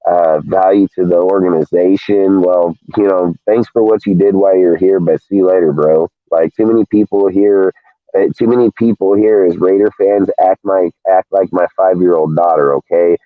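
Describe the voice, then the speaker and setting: A man's voice: deep voice, steady tone, normal speed, no room sound. A man ranting in a casual sports talk show, heated and profane, calling everyone "dude". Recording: tinny phone-like line, dry.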